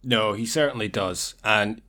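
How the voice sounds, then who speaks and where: A man co-hosting a podcast, telling anecdotes in a relaxed, chatty way, his phrases often trailing off quietly. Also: lowish voice, unhurried. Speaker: podcast co-host. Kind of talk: casual chat, telling anecdotes.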